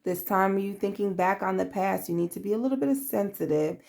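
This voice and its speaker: A woman's voice: medium pitch, brisk, creaky, a little mellow. A woman doing a tarot reading to camera in a blunt, profane, streetwise manner, calling the listener babe and acting out quoted voices. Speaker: tarot reader.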